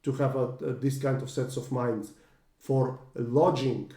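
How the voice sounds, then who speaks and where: Hesitant man with a mellow voice. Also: mid-range voice, fairly even intonation, a little slow, reverberant. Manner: hesitant, many fillers and restarts, earnest. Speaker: podcast co-host. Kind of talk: casual discussion.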